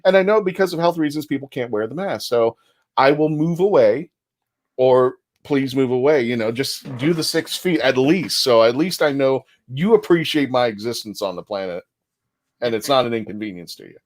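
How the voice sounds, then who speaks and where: A man co-hosting a casual stream chat. He tells long, rambling stories and laughs often. His voice sits at a middle pitch. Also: normal speed.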